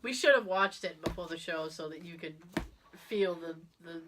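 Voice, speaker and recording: A woman hosting a podcast, telling a story in casual chat, animated and laughing often as she acts out quotes. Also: lowish voice, normal speed, very noisy. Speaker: podcast host.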